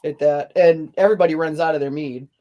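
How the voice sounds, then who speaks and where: Chatty, laughing woman host, lowish voice. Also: steady tone, quick pace, dark tone. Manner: chatty, rambling, laughs often. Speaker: podcast host. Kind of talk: casual chat.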